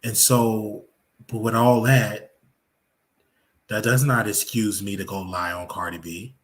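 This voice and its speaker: Man, low voice, live reaction rant, emphatic, preachy. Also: fairly even intonation, measured pace. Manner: emphatic, preachy, repeats phrases. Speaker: host of a commentary show.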